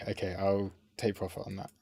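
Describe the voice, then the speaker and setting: Low-voiced man rambling on a stream. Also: monotone, normal speed, vocal fry, no room sound. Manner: rambling, self-deprecating, thinks out loud. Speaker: trading livestream host. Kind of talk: casual livestream chat and chart analysis.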